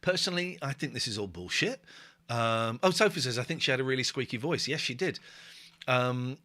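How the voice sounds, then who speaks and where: A man hosts a loose, casual chat show, his voice swinging up and down as he jokes. He is blunt, cheerful and sweary, and his tone stays bright and ringing. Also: medium pitch, brisk. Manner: animated, joking, blunt and sweary. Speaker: host.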